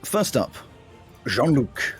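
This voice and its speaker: Lively man running a tabletop game. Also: medium pitch. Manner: lively, laughing, quick bursts of description. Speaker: game master. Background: faint fight music.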